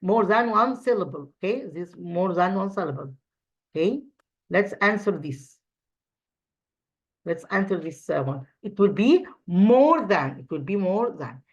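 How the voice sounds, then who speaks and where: A woman's voice: fairly low pitch, animated, measured pace, pauses often, highs cut off. A woman English teacher with an Egyptian accent, whose first language is Arabic, explaining grammar in a recorded online lesson with many fillers and restarts.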